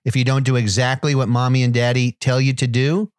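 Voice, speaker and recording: A man co-hosting a comedy podcast, talking in a deadpan, mock-authoritative way. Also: medium pitch, fairly quick, clean tone, dry recording. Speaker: podcast co-host. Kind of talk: comedic casual chat.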